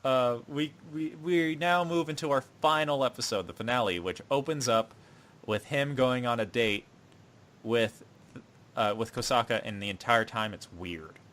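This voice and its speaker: A male podcast host recaps anime episodes in a casual, animated way. His voice sits at a middling pitch for a man. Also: normal speed. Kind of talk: casual chat.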